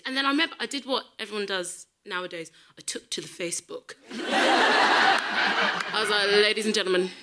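Woman acting out a rant on stage, bit high voice, loud noisy live tape. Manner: animated, swears, acts out both sides of stories. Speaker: guest. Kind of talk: comic storytelling on stage.

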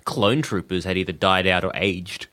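Laughing New co-host. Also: male voice, deep voice, moderate pace, sharp tone. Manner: laughing, joking. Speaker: podcast co-host. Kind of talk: casual chat.

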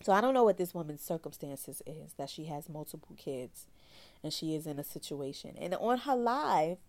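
A woman therapist tells her own story in a frank, animated, slangy voice. Her voice sits a little low for a woman. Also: normal speed. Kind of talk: candid personal storytelling.

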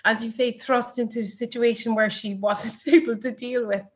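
A woman's voice: a little high, steady tone, moderate pace. A woman in her thirties, an interview guest telling a personal story candidly and reflectively, with frequent fillers and restarts.

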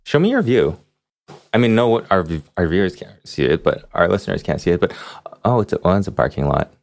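A man co-hosting a podcast in casual chat, chatty and quick with asides, laughing often. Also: sits low, sing-song, gravelly, no echo. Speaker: podcast co-host.

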